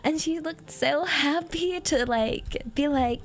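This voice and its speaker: A woman's voice: high voice, slow. A British woman streamer chatting casually, rambling and giggling, with lots of fillers. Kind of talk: casual chat.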